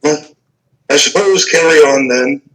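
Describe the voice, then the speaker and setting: A man voicing a gruff, suspicious male city guard in a tabletop game. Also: on the high side, unhurried, a bit bright, low-quality recording. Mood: dismissive.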